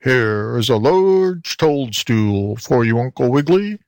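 Gruff grunty toad guy, man doing it, slow, dry. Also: mid-range voice, big pitch swings, darkish tone, no room sound, voice pushed up. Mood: kindly.

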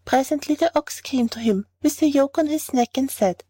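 A woman narrating a storybook fable in a clear, even reading voice. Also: high-pitched, moderate pace, no echo. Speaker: audiobook narrator.

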